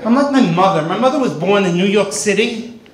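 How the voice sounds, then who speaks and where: A man doing a stand-up comedy set in a club with wisecracking, deadpan delivery. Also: high voice, fairly quick, roomy sound, a little hiss or hum, rough recording.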